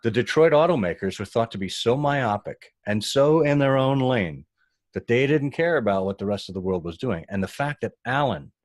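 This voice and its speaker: A man telling a story as a podcast guest, animated and acting out the voices of the people he quotes. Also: medium pitch, no room sound, clean studio sound. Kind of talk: conversational storytelling.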